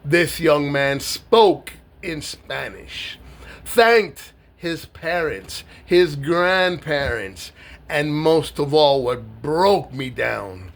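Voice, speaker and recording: Slow, heartfelt middle-aged man with lively pitch. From New York. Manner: heartfelt, halting, with many pauses and repeated words. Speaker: vlogger. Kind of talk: emotional personal monologue to camera.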